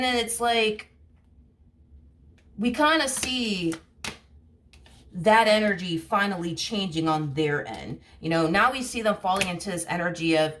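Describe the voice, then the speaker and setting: A woman's voice: medium pitch, expressive, measured pace, long pauses, a bit bright. A woman giving a casual tarot reading, rambling and blunt, full of fillers and the odd curse word. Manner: rambling, heavy "you know" and "like" fillers, blunt swearing. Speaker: tarot reader.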